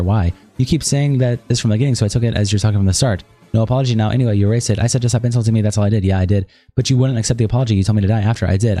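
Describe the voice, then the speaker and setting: Very fast-reading man, low and dark. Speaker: streamer reading a document aloud. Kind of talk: rapid reading aloud of a chat log.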